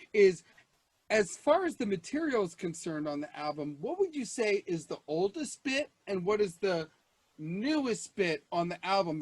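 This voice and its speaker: A man hosts a comedy talk show, loud and showy, rambling through his jokes. His voice runs high for a man. The sound is dry and close, with no room echo.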